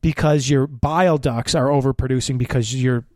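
A man's voice: mid-range voice, normal speed, no room sound. Profane man telling a wild story, dry sound. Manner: profane, animated storyteller acting out quotes. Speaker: guest. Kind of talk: casual storytelling chat.

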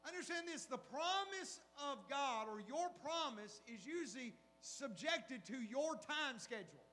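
A middle-aged man preaches in a very high voice for a man, animated, firing rhetorical questions at his listeners. His voice rings out with a long hall reverb. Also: a little slow, slight background noise. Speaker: pastor. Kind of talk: sermon.

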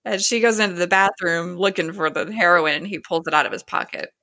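A woman's voice: fairly low pitch, brisk, bright, forceful tone. A woman retelling a TV episode in casual chat, quoting the characters with "he's like" and laughing along. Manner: retells scenes with "he's like" quotes and giggles.

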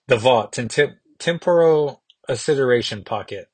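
A man's voice: mid-range voice, lively intonation, normal speed, a little mellow, breathy edge, dry recording. A man hosting a comic book podcast, recapping an issue in a casual, musing way and thinking aloud with small restarts.

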